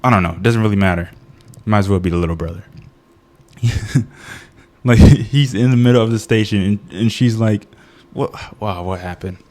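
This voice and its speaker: A man's voice: lowish voice, fairly even intonation, normal speed, pauses often, a little mellow. A man giving a casual, comedic movie review, ranting in exasperation, often laughing and restarting his sentences.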